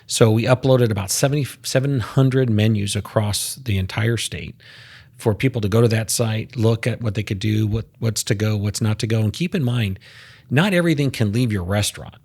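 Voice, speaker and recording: Low-ish, slightly rough and a bit mellow, this American podcast guest talks at a moderate pace. He's emphatic in the casual interview, loading his points with numbers and restarting his phrases with repeated words.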